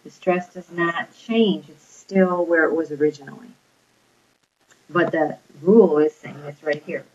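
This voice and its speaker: A woman with a fairly low voice leads a grammar lesson, patient and explanatory, checking in with her listeners as she goes. The recording is dull and lo-fi. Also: measured pace, darkish tone. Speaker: Spanish teacher. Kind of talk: recorded classroom lecture.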